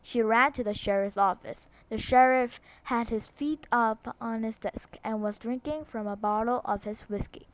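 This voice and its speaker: A woman's voice: on the high side, fairly even intonation, normal speed, hardly any pauses. A woman with Korean as her first language reading a novel aloud, steadily, with small slips and restarts. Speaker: book reader.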